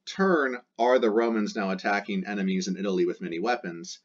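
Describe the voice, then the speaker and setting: A man teaching a Latin lesson in a casual, joking way, drawing out the Latin words slowly as he walks through exercises. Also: on the low side. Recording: dull lo-fi sound.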